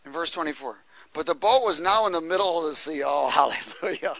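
A man preaching a lively sermon, laughing often and tossing questions to the congregation. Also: on the high side, fast talker, vocal fry, no echo, low-quality recording.

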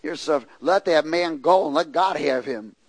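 A man preaching with fiery emphasis, his fairly high voice jumping from muttered asides to shouted peaks. He fires rhetorical questions at the congregation and mimics the people he describes. The sound is dry and close, with no room echo. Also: a little slow. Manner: frequent rhetorical "Hello?" and call-and-response questions. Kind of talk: sermon.

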